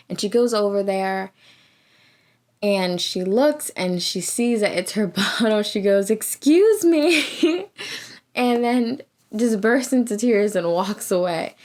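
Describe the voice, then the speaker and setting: A woman recapping a reality show in a casual, chatty way, laughing often and acting out what people said. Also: medium pitch. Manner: animated, laughs often, acts out quotes.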